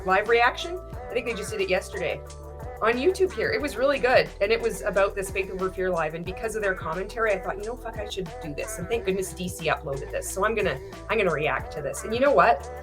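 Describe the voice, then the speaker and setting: A woman hosting a reaction commentary livestream, blunt and indignant, swearing freely. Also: mid-range voice. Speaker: commentary host.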